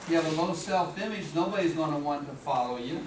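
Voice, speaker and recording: A middle-aged man speaks in a fairly high voice, mixing jokes and acted-out voices into a motivational talk at an office meeting. He sounds far from the mic in an echoey room. Steady background noise sits behind him. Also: fast talker. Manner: humorous, animated, acts out voices and sounds.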